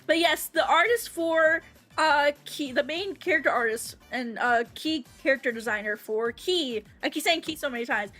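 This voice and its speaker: A woman with a very high, bright, sharp voice talks to her livestream chat in a casual, animated rush. She is excitable, swears freely and laughs often. Soft music plays faintly behind her. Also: moderate pace. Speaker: VTuber streamer.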